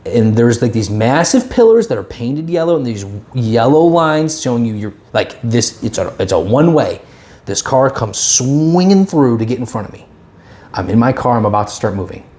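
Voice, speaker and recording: Storytelling man with a mellow voice. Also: medium pitch, moderate pace. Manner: animated storyteller, acts out quotes. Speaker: podcast co-host. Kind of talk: casual chat, storytelling. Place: indoor podcast room.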